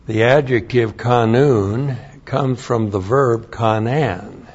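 A man's voice: mid-range voice, slow, darkish tone, breathy edge, lo-fi sound. A man teaching a sermon, studying Hebrew words, who repeats key phrases and spells out letters with emphasis. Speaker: Bible teacher.

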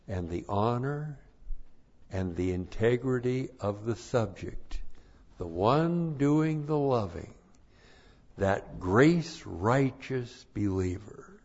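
Slow gravelly preacher man. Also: mid-range voice, darkish tone, highs cut off. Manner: slow, deliberate, numbered points with repetition. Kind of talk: sermon.

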